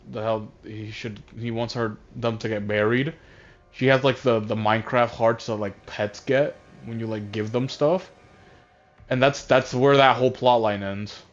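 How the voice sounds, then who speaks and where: A man casually recapping a movie while playing a game, rambling and halting, often distracted. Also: medium pitch. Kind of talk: casual chat. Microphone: console voice chat headset. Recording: dull lo-fi voice chat audio.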